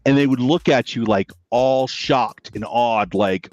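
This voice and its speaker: A man telling army stories on a podcast, jumping into the voices of the people in them. His voice sits in a middle pitch. The sound is dry and a little dull. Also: measured pace, no room sound. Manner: animated storyteller acting out quotes. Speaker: podcast host. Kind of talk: casual chat, army stories.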